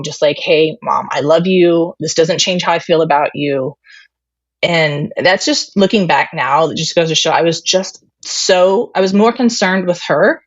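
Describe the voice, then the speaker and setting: A woman's voice: fairly low pitch, no echo, muffled recording. A woman guest candidly recounting a family story, retelling conversations with lots of fillers. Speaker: interview guest. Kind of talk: personal storytelling.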